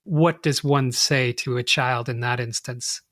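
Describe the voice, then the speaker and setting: Male interviewer, very slow pace, dry close sound, measured questions. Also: medium pitch, fairly even intonation, a bit bright, dry recording. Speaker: podcast co-host, interviewer.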